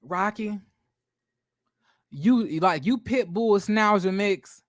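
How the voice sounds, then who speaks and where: Give me an excitable male gossip host who swears and stumbles over restarts, recorded dry. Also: sits high, slow pace, no room sound. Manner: animated, profane, stammering restarts. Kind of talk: celebrity gossip commentary.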